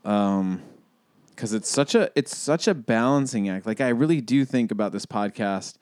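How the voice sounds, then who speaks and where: Podcast co-host, male, thirties; rambling reflective chat, slightly low voice, dry close mic. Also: lively intonation, normal speed, a little mellow, clean tone, dry recording. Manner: reflective, rambling with many restarts and fillers. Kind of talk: casual conversational podcast.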